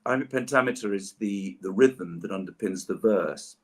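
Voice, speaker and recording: Man, husky, lowish voice, theatrical, playful, chatty. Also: normal speed. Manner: theatrical, playful, explains at length. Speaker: voice actor signing autographs on a livestream. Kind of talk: casual chat while signing. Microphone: livestream setup.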